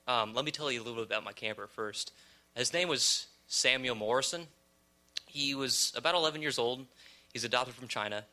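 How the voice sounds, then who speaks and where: A man's voice: mid-range voice, brisk, sharp tone. A man giving a prepared, friendly talk about camp to a church audience, with filler "um"s. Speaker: speaker sharing a camp testimony.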